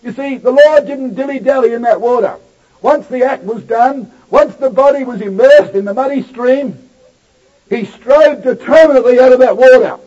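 A man preaching a sermon to his congregation, with an emphatic delivery that swells loud and drops low. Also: moderate pace. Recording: dull lo-fi recording.

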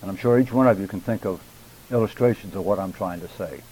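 Deliberate, emphatic man teaching a class. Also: deep voice, darkish tone, breathy edge, rough recording. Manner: measured, emphatic, deliberate enunciation; addresses class members by name. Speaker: public speaking instructor for church men. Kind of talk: classroom lecture.

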